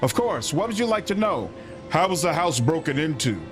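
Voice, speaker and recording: A man's voice: fairly high pitch, big pitch swings, a little fast. A man voicing a flustered, prim, well-bred lady who owns a robbed manor, reading game dialogue aloud. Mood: earnest. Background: game music.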